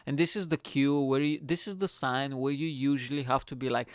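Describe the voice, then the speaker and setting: A man, a comedian telling a crude, animated story in casual chat, swearing often and laughing as he talks. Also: mid-range voice, a little fast, few pauses, clean tone, no echo, studio quality. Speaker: comedian host.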